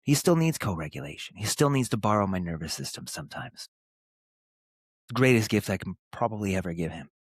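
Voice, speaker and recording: A man in his thirties talks straight to the listener in an earnest, emphatic podcast monologue. His voice sits low, and the recording is close and dry with no room sound. He lands short, punchy phrases and lets pauses hang between them. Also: big pitch swings, breathy edge, dry recording. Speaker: podcast host.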